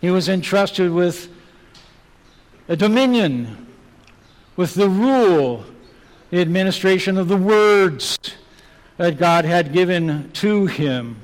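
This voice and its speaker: A male preacher delivers a sermon at an unhurried, deliberate pace, pressing his listeners with repeated rhetorical questions. His voice sits fairly high for a man. It rings out with a long reverb, as if in a large church hall. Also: expressive.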